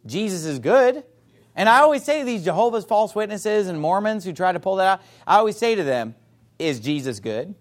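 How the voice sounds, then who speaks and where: A man preaching a sermon, reading scripture emphatically and playfully mimicking his opponents in excited voices. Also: high voice, fairly quick. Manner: reads scripture aloud in a rising, emphatic voice.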